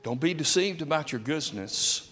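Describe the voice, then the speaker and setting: A man preaching a sermon with a lively, dramatic delivery, sometimes acting out quotes. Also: on the high side, normal speed. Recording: long reverb of a hall.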